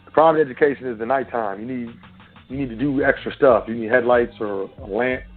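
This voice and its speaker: A man hosts an internet call-in show, talking in loose, street-casual speech as he preaches straight at his listeners. His voice sits at an ordinary middle pitch. It comes through a thin, phone-like line with faint music underneath. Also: a little fast. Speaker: radio show host.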